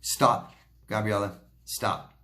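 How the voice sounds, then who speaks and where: A man's voice: lowish voice, fairly even intonation, takes it slowly, bright, forceful tone. A man answering viewer questions as a recovery coach, talking directly and reassuringly and often checking in with "okay?". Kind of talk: casual Q&A advice talk.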